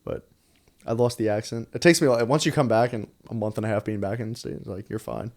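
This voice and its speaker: A young man with a New York accent talks very fast. He tells rambling, animated stories as a podcast guest, with plenty of swearing and laughter in casual chat. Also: lowish voice, gravelly. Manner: rapid, animated storytelling with frequent swearing and laughter.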